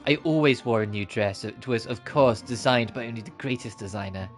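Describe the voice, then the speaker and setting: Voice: mid-range voice, fairly quick, faint music behind, pitched below the performer's own voice, natural voice. A streamer voicing a haughty, self-admiring rich girl who speaks proudly and boastfully.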